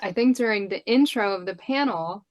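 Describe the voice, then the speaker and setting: A woman's voice: medium pitch, normal speed, dry recording, highs cut off. A woman hosting a podcast panel in casual chat, often laughing helplessly. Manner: giggly, breaks into helpless laughter. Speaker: podcast host.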